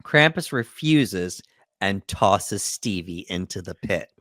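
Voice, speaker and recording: A man's voice: low voice, expressive, takes it slowly, fairly bright tone, no room sound. A man co-hosting a movie podcast, recapping the plot steadily with dry humor. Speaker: podcast co-host. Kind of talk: reading a plot summary and chatting.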